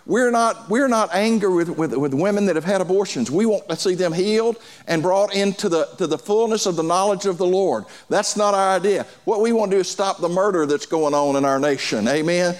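A man's voice: sits high, brisk, few pauses. A male pastor preaching a sermon to his congregation, repeating phrases and calling for responses.

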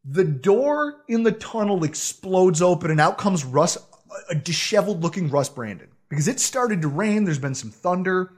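A man co-hosting a podcast, telling a self-deprecating story in a casual, animated way with frequent laughs. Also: sits high, normal speed. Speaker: podcast co-host.

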